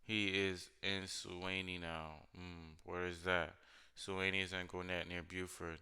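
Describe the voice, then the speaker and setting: A man heard on a played clip gives plain status updates about where someone has been. His voice is low and almost monotone. It has a bright, very crisp edge. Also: measured pace.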